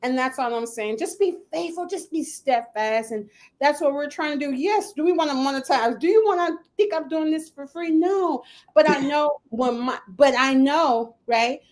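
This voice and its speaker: A woman's voice: high voice, moderate pace. A middle-aged woman hosting a podcast, giving casual motivational talk with emphatic repeated phrases and frequent laughter. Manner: animated, laughs often, acts out quoted voices. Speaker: podcast host.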